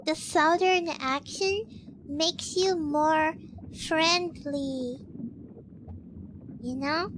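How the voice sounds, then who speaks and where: Very high-voiced giggly woman streamer. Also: fairly bright tone, slight background noise. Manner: giggly, halting, repeats words; playfully cutesy and petulant. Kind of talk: casual stream chat with viewers while gaming.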